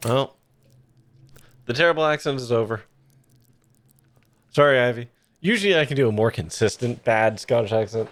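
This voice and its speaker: A man's voice: mid-range voice, normal speed, long pauses, a bit bright. A tired man giving casual commentary as he streams a video game, rambling, joking at his own expense and often hesitating. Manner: rambling, self-deprecating, hesitant. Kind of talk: casual let's-play commentary.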